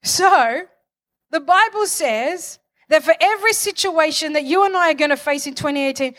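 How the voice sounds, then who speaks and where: A woman's voice: sits high, animated, moderate pace, a bit bright. A woman preaching a sermon, building to fervent declarations and calling on the congregation for amens. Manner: calls for amens.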